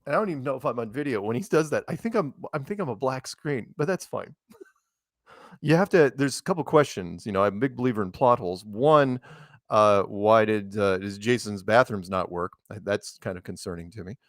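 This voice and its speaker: A man's voice: fairly low pitch, expressive, brisk, no room sound, clean studio sound. A man talking as a guest in a casual, rambling chat, laughing often.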